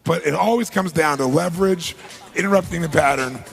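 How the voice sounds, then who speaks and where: Male seminar speaker, rough and raspy, with an animated storytelling style and shouted reenactments. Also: fairly high pitch, a little fast, faint music behind. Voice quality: raspy, gravelly. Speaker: motivational speaker.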